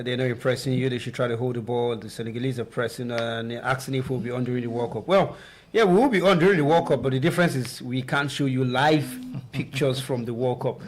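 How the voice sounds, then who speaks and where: A man hosting a live football watch-along, relaxed and conversational, reading out viewer messages. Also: mid-range voice. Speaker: host.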